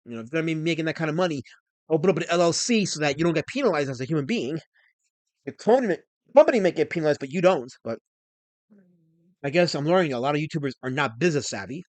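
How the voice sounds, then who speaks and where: A man with a high voice chats casually on his livestream, rambling and reading comments from his viewers aloud. The sound is close and dry, with no room around it. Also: fairly bright tone, no echo. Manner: rambling, reads chat aloud and mock-rants in a raised voice. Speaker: livestream host. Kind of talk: casual live-stream chat.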